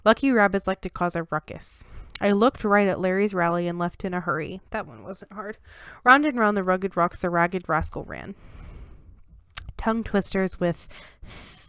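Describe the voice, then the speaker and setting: A woman's voice: mid-range voice, moderate pace, a bit bright, clean tone, dry recording. A young woman hosting a casual solo podcast, laughing at herself as she stumbles through tongue twisters. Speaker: podcast host.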